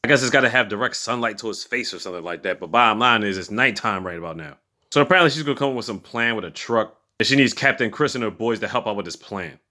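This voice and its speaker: A man's voice: on the low side, expressive, fast, bright, forceful tone. A man giving a casual, profane, slang-heavy recap of a movie's plot. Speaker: movie reviewer.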